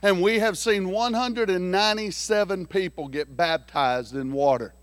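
A pastor, telling a folksy story in a sermon and swinging between hushed lines and shouted ones. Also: male voice, high-pitched, moderate pace, no echo.

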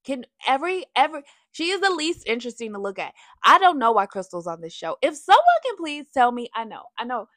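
A woman's voice: high-pitched, fast talker, few pauses, no echo, studio quality. A woman giving a sassy, chatty recap of a reality TV show, talking straight to her viewers. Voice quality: animated, sassy, breaks into sung lines. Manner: chatty, addresses viewers as y'all. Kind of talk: casual opinionated recap.

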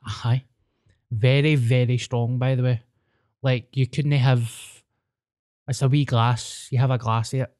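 A young Scottish man trades stories in easy, sweary banter, leaning on broad slang. His voice sits at an ordinary pitch. The sound is dry and close, with no room around it. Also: little pitch movement, a little slow, pauses often, a little mellow, dry recording. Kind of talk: casual chat.

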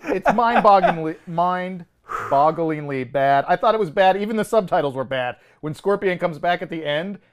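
A man's voice: sits high, normal speed. A man co-hosting a film podcast, mocking movie dialogue with frequent laughter. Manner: mocking, laughs often, quotes lines in a flat dramatic voice. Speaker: podcast co-host. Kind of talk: casual film-review banter.

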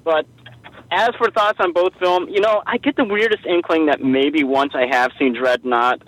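A man's voice: mid-range voice, fairly bright tone, low-quality recording. A man leaving a rambling, jokey voicemail for a podcast, meandering and self-deprecating as he talks. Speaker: voicemail caller.

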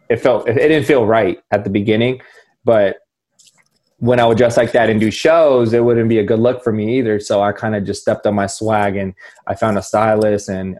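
Laid-back man, relaxed guest. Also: lowish voice. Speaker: guest musician. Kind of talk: interview, casual chat.

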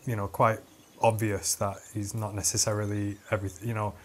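A man's voice: fairly low pitch, little pitch movement, moderate pace, a little hiss or hum. A man, a podcast host telling a rambling story, swearing and laughing as he goes. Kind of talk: casual storytelling chat.

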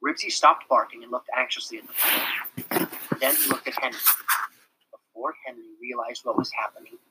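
An expressive narrator reading a children's chapter book aloud, sometimes dropping to a whisper. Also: medium pitch, noisy background. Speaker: storybook narrator.

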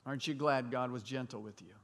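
A man's voice: mid-range voice, quick pace, a bit bright. A middle-aged male pastor preaching to a congregation in a conversational way, asking the room questions. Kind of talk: sermon. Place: church hall before a congregation.

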